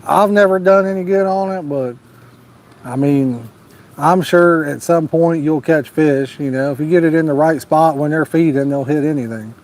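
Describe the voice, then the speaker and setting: A man's voice: on the high side, moderate pace, darkish tone. A man hosting a live fishing stream outdoors at night, reading out viewer comments in a folksy, joking, laid-back way. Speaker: fishing channel host.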